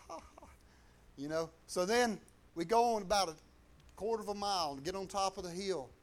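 High-voiced Southern man telling a testimony. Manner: folksy, colloquial, acts out others' voices. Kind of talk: testimony storytelling.

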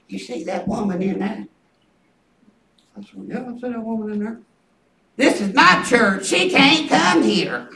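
High-voiced preacher in an echoey church. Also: male voice, distant mic, a little hiss or hum. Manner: folksy, animated, peppered with "praise God". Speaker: pastor. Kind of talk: sermon storytelling.

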